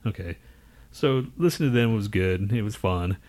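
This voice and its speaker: A man's voice: on the low side, animated, normal speed, a little mellow. A man co-hosting a casual podcast chat, ranting, swearing constantly and laughing often. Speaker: podcast co-host.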